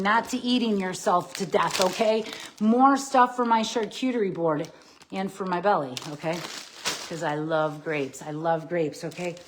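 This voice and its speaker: A woman coaching on plant-based eating during a grocery haul vlog, energetic and punchy, with repeated catchphrases and "okay?" at the end of lines. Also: on the high side, a little hiss or hum. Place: home with groceries.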